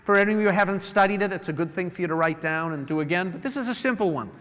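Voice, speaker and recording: Middle-aged male speaker from New England, pitched high, lively and anecdotal, live in a big echoing hall. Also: racing. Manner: lively storyteller who acts out customer calls. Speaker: conference speaker. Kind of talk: live presentation to an audience. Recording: long hall reverb.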